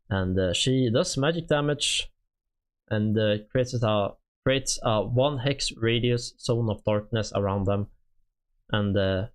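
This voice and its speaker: A man with a Swedish accent, a native Swedish speaker, streaming and reading through game units in a halting, casual way with many fillers. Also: medium pitch.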